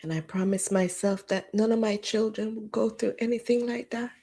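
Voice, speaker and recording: A woman, hosting a livestream and telling a personal story in a candid, emotional way with lively quoted dialogue. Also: mid-range voice, moderate pace. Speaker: livestream host.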